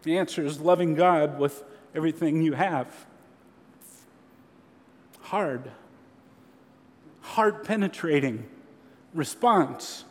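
A man preaching a sermon as a pastor, earnest and measured, with slow emphatic pauses. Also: on the high side. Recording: long hall reverb.

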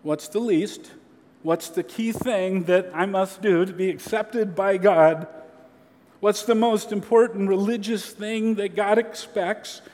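A man preaching a sermon as a pastor, earnest and measured, with slow emphatic pauses. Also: sits high, darkish tone. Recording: long hall reverb.

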